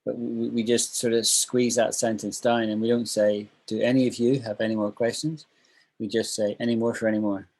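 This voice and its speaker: A man's voice: medium pitch, flat delivery, moderate pace, darkish tone, slightly rough, low-quality recording. A man teaching an online English class, chatty and emphatic, repeating phrases for stress.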